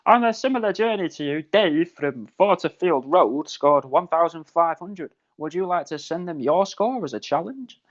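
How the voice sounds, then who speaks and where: A man's voice: a little high, expressive, normal speed, hardly any pauses, pitched above the performer's own voice, lightly acted. A posh, formal computer voice reads out game results in an announcing tone, as a man puts it on. The recording is slightly muffled and lo-fi.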